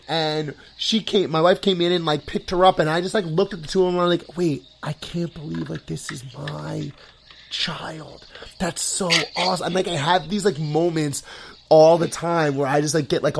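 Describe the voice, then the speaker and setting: A man's voice: a little high, a little fast. A young man hosting a podcast, chatting casually and rambling, with lots of fillers. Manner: rambling, full of "like" fillers, excitable. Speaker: podcast host.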